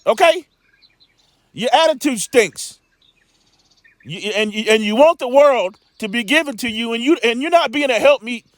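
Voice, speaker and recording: A man's voice: very high voice, expressive, a little fast, few pauses, a bit bright, no room sound. A man teaching scripture in a loose sermon style, rambling and emphatic, with lots of stammering restarts and streetwise asides.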